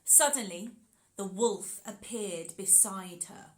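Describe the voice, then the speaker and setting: A woman telling an interactive children's story, animated and encouraging, often talking straight to the children. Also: fairly high pitch, a little slow, low-quality recording. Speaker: storyteller and workshop leader.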